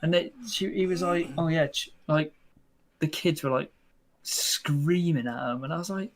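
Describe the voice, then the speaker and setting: A young man with a British accent, co-hosting a casual podcast, telling animated stories and acting out customers' lines. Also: on the high side, moderate pace. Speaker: podcast co-host. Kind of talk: casual chat.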